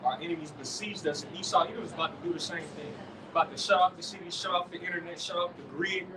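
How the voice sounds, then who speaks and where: High-voiced man preaching from afar. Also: steady tone, quick pace, crowd noise. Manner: emphatic, checks in with "all right?". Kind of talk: preaching in a scripture study. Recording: distant mic with loud outdoor noise.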